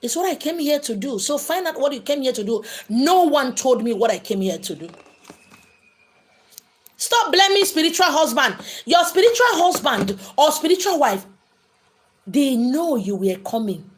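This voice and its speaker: A woman speaks to her online viewers in a voice a little higher than most. She preaches emphatically and answers their questions live. She repeats phrases to drive her points home. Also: big pitch swings, moderate pace. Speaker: spiritual livestream host. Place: indoors, live streaming.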